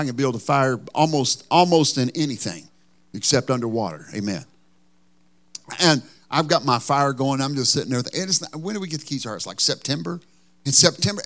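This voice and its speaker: Pastor, male, folksy and joking, lively pitch, slightly high voice, preaching a story-driven sermon.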